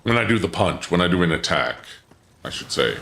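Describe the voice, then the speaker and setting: Chatty low-voiced man streaming a game. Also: very animated, brisk, vocal fry, a bit bright, echoey room. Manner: chatty, thinks aloud, answers chat. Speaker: gaming streamer. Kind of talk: casual live-stream commentary.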